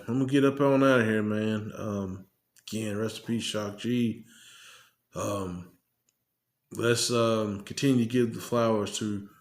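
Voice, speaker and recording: A man hosting a podcast, giving casual, loose commentary with lots of fillers. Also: fairly low pitch. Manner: laid-back, loose, many fillers. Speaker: podcast host.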